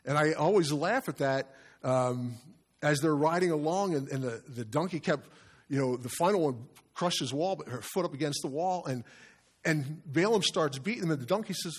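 A man's voice: a little high, brisk, slightly rough. A middle-aged male pastor giving an earnest, conversational sermon with asides to his congregation.

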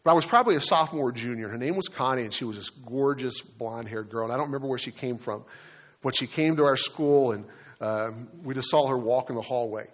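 A man delivering a sermon at an easy, talking pace. He often pauses on fillers and restarts his sentences as he explains a passage. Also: medium pitch. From Delaware, United States. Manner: conversational preaching with fillers and repeated words. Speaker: pastor.

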